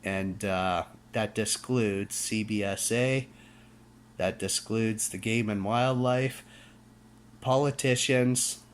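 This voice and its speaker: A man's voice: on the low side, slow, a little hiss or hum. A Canadian man ranting emphatically to camera in a preachy tone, often checking in with "okay?" and restarting his words. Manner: fiery, preachy. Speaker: vlogger. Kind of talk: casual rant to camera.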